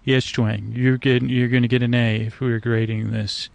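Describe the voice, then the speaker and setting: A man's voice: mid-range voice, flat delivery, normal speed, gravelly, dry recording. A man hosting a sleep podcast, rambling and hesitant while improvising a monologue to the frogs outdoors by a swamp at night. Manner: meandering, hesitant, full of restarts and fillers, talks to frogs.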